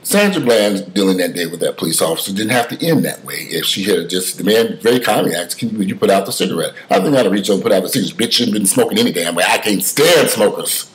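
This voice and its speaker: Lowish-voiced man, animated and profane. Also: quick pace, hardly any pauses, slight background noise, low-quality recording. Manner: animated, emphatic, heavy cursing, swings from loud to muttered. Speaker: commentator. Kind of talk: casual spoken commentary with storytelling.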